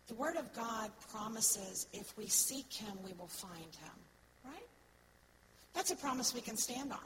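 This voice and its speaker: An earnest woman speaking to a church congregation in a slightly high voice. She keeps checking in with her listeners and drops to soft, slow phrases before pushing key words loudly. The live recording carries a clear hiss of room noise behind her. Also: lively intonation. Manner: earnest, asks the congregation "right?" often; swings between soft, slow words and loud stressed ones. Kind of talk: sermon-style teaching.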